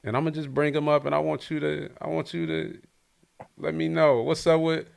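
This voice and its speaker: A man from Detroit hosting a casual podcast interview, energetic and joking, often repeating his words. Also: fairly high pitch, brisk, gravelly. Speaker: podcast host.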